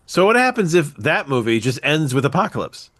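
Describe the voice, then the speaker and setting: A man co-hosting a podcast in casual chat, hoarse as he loses his voice and quick to jump in with objections. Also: fairly high pitch, sing-song, fairly bright tone, no echo, clean studio sound. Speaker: podcast co-host.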